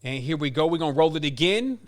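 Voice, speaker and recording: A man's voice: fairly high pitch, animated, fast. A man hosting a podcast, casually announcing giveaway winners and counting prizes aloud in an upbeat way. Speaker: podcast host.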